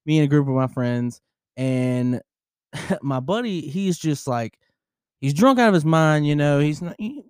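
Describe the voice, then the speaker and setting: A man co-hosting a podcast, telling a story with big swings in pitch and a slightly high voice. He laughs often and swears freely, and the recording is close and dry. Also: lively intonation, unhurried, darkish tone, clean tone, no echo. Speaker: podcast co-host. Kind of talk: casual chat, storytelling. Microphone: close studio microphone.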